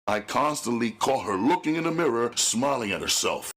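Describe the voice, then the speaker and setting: A man reading a gritty first-person novel aloud as an audiobook narrator, with a slow, menacing delivery. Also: mid-range voice, lively intonation, fairly bright tone.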